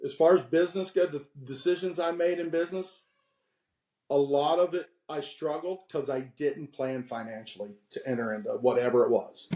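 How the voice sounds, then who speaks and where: An animated man in his fifties talks as a podcast guest in a fairly high voice. He tells candid stories, laughs at himself, then turns preachy with advice. The room rings with a noticeable echo. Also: moderate pace. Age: 50s.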